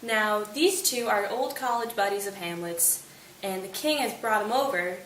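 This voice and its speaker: A woman's voice: mid-range voice, normal speed, fairly bright tone. A young woman casually summarizing a play for students in a chatty, playful, informal way. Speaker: host of a literature study channel. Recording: echoey room, distant mic, faint hiss.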